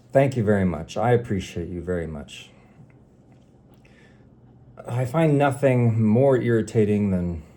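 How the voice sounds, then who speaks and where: Exasperated man ranting, low mellow voice. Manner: sarcastic, exasperated, addresses the algorithm directly. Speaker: vlogger. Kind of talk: ranting monologue to camera.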